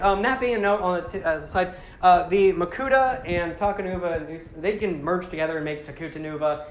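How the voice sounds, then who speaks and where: A man casually retelling a story with excitement, acting out the characters in exaggerated voices. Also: high-pitched, a little fast, few pauses. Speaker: podcast host recapping a franchise. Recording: echoey room with faint background noise.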